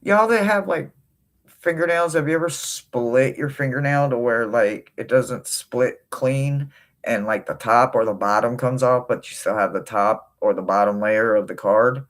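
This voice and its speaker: A man hosts a tarot reading livestream and chats casually with his viewers. He takes his time, with a mid-range voice. Now and then he jumps up into sudden high-pitched exclamations. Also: a little slow. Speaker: tarot reader hosting a livestream.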